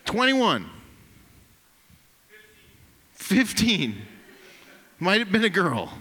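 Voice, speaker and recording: A brash, profane man works a comedy club crowd in a bright, forceful voice. His pitch swings widely as he teases the audience. The long reverb of the room hangs behind him, with a faint hiss. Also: wildly swooping pitch, very slow. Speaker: stand-up comedian. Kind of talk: stand-up set with crowd work.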